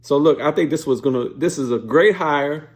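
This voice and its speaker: A man's voice: a little high, moderate pace. A man hosting a sports show, giving blunt, profane, fired-up casual opinion commentary.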